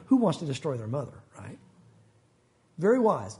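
A man preaching an expository sermon in an animated, conversational storytelling manner. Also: high voice, moderate pace, pauses often.

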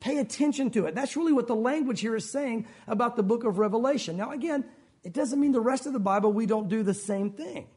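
A man's voice: very high-pitched, fast talker, a little mellow, slightly rough. A man preaching a sermon as pastor, earnest and direct, often calling his listeners "guys".

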